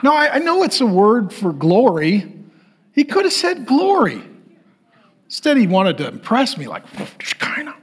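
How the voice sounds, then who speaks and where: Middle-aged male pastor, lively high preaching voice with a husky edge, jokes and acts out others. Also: moderate pace. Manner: animated, jokey, acts out voices. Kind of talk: sermon.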